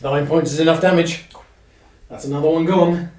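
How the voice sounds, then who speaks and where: A man running a live tabletop game as game master, narrating in halting bursts with lots of fillers and restarts. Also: on the high side, steady tone, a little mellow, echoey room, recorded from a distance.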